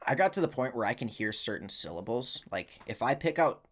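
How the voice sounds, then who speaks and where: A man's voice: mid-range voice, very animated, a little fast. A man co-hosting a podcast in casual chat, candid and self-deprecating about his anxieties. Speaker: podcast co-host.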